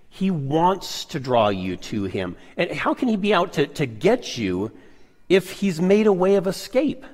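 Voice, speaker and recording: A man's voice: on the high side, very animated, unhurried, darkish tone, in a large hall. A man co-presenting a sermon, affirming the preacher and reading scripture aloud.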